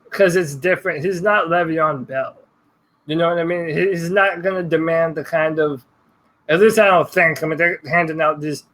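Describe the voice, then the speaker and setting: A man's voice: a little high, fairly bright tone, rough recording. Blunt, laid-back man. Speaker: podcast co-host. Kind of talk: casual sports talk.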